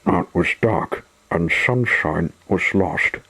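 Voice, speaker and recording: Slow, breathy male storyteller. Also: low voice, bright, forceful tone, poor audio. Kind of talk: reading a children's book aloud.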